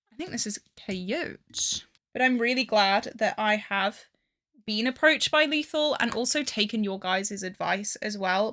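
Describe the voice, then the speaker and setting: Bubbly, excitable young woman vlogger. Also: fairly high pitch. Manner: bubbly, excitable and gossipy, with frequent laughs. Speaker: beauty vlogger. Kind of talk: get-ready-with-me chat while doing makeup.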